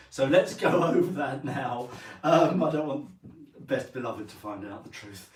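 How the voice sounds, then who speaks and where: An English dance teacher leads a live-streamed lesson, chatting with viewers as he counts and sings out the steps. His mid-range voice has a darkish tone. He's far from the mic, so the sound is roomy, with a little hiss or hum.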